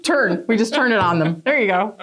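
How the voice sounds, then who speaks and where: A woman's voice: medium pitch, animated, brisk. Funny lady guest joking around w the host, crowd noise behind. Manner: witty, teasing, laughing. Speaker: guest singer. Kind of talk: casual chat.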